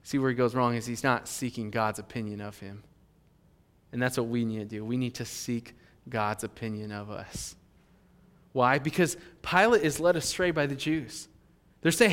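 A male pastor preaching a sermon in an animated, emphatic way. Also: mid-range voice, normal speed. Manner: animated, emphatic, with fillers and restarts. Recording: long hall reverb.

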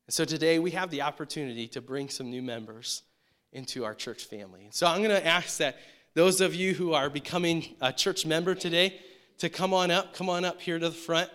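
A male pastor in his thirties delivers a sermon in a loose, storytelling style. He asks the congregation rhetorical questions. His voice sits a little high for a man and has a bright, forward tone. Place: church sanctuary.

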